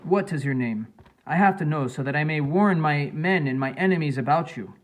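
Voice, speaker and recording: A man's voice: fairly high pitch, fairly quick, natural voice. A man doing a playful African warrior with a thick accent.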